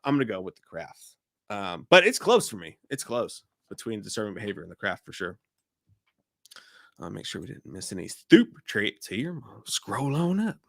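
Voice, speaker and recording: A man's voice: fairly low pitch, very animated, moderate pace, vocal fry, fairly bright tone, no room sound, studio quality. A man hosting a live-stream show, talking in loose, profane banter. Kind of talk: casual live-stream chat.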